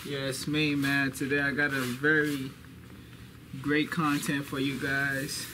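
A man's voice: medium pitch, completely flat delivery, measured pace. A young man hosting a casual vlog, boastful and repeating phrases for hype, talking to a camera mic indoors at home. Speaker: vlogger. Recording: noisy background.

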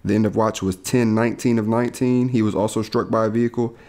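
A man's voice: on the low side, steady tone, fast, a little mellow. A young man co-hosting a podcast, telling stories in a laid-back way with laughs and casual slang. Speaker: podcast co-host. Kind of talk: casual chat.

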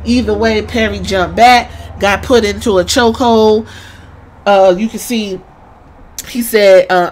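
A woman's voice: medium pitch, a little slow, slight background noise. A woman hosting a podcast who retells a story casually and animatedly, swearing often and acting out each character. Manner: animated, profane, acts out every character. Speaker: podcast host.

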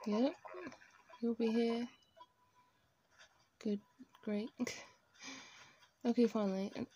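A woman chatting casually over her gameplay from her bedroom at home, gushing and excitable as she talks. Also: medium pitch, moderate pace, pauses often. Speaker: video game streamer.

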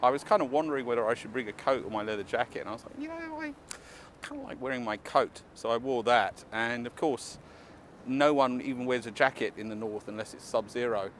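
The man keeps chatting to camera on his casual outdoor walking vlog, enthusiastic and dropping wry asides as faint street noise hums behind him. He speaks fast at medium pitch, a bit bright.

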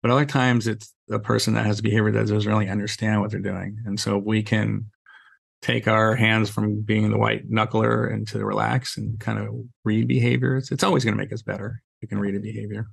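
A middle-aged safety trainer, guesting on a podcast, tells stories casually, acting out bits of dialogue and filling in with lots of "you know." His voice is on the low side, creaky and husky, delivered briskly and flatly with no room sound.

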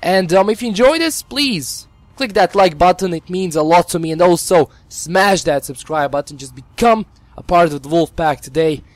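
A man hosting a gameplay video with a strained voice, giving excitable, casual commentary and swearing freely. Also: high voice, moderate pace, dry recording. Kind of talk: casual let's-play commentary.

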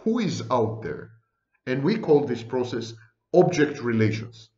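A man's voice: mid-range voice, sing-song, a little slow, darkish tone. Man lecturing in a roomy lo-fi recording. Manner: dry, ironic asides; lists ideas in rolling phrases. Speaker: psychology lecturer. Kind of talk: online video lecture.

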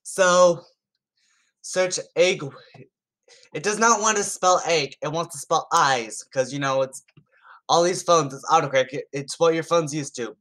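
A man's voice: on the high side, unhurried, a bit bright. A YouTuber chats loosely and with amusement as he reads out text messages. His commentary is casual and unscripted, and he often trips over words and starts his sentences again. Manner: chatty and amused, stumbling over words and restarting.

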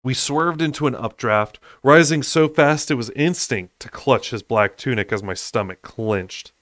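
A man's voice: mid-range voice, a little slow, a bit bright, no room sound, studio quality. A man reading a fantasy novel aloud in an unedited take, with occasional slips and asides. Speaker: audiobook reader.

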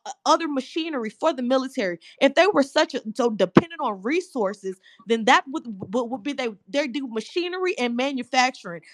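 A woman's voice: high-pitched, dry recording. A woman from Houston, calling in on speakerphone from her kitchen, worked up, swearing and tripping over her words. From Houston, Texas. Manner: fired-up, swearing, stumbling restarts. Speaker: caller. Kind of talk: heated call-in debate. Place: home kitchen. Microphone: phone on speaker.

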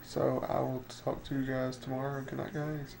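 A young man in his twenties with a slight lisp from a retainer, quietly telling his vlog viewers about his day at home in a tired, unenthusiastic way. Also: mid-range voice, monotone, moderate pace, gravelly, rough recording. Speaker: daily vlogger. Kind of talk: casual vlog talk to camera.

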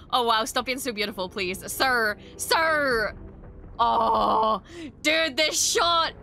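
Bright, excitable young woman reacting. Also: on the high side, takes it slowly, creaky, soft background music. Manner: excitable, swears a lot, gushing. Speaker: reaction streamer. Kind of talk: casual reaction chat.

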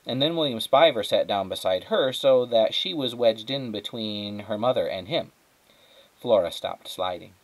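A male teacher reading a children's chapter book aloud, narrating in a steady, measured way. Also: fairly low pitch, low-quality recording. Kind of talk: storybook read-aloud.

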